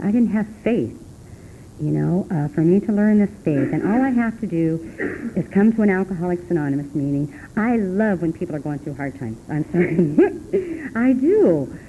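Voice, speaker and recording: A middle-aged woman sharing her story at a recovery meeting, rambling and earnest, with many restarts and sudden laughing jumps in pitch. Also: expressive, brisk, warm tone, poor audio. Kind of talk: personal testimony talk. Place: meeting room. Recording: faint hum on an old tape recording.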